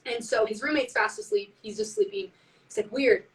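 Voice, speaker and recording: A woman tells a story in loose, casual chat, acting out each quote and leaning on "like" constantly. Her voice sits a little high. She sounds a step back from the phone mic. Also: a little fast, vocal fry, recorded from a distance, rough recording. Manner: animated, heavy use of "like", acts out quotes. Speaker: band member on a live stream.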